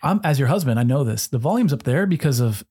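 A man co-hosting a casual faith podcast, calmly arguing his point and pushing back. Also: mid-range voice, husky. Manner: measured, argumentative pushback. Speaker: podcast co-host.

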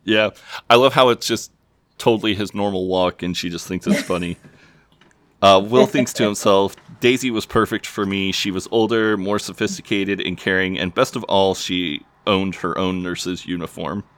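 A man in his thirties, casually retelling show scenes as a podcast co-host, slipping into quick character voices and laughing. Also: deep voice, steady tone, a bit bright, dry recording. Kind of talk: casual recap chat.

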